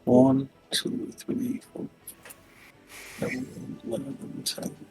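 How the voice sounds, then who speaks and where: A man playing a tabletop game, calmly counting squares and guiding another player through the controls. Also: soft background music, poor audio. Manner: slow, counting squares aloud, unhurried. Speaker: player helping with the game software.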